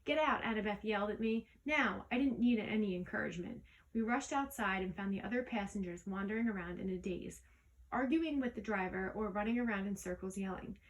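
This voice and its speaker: A woman reading a storybook aloud in the first person, lively, with small slips that she corrects as she goes. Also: medium pitch, brisk, poor audio. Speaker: audiobook reader. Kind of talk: storybook read-aloud narration.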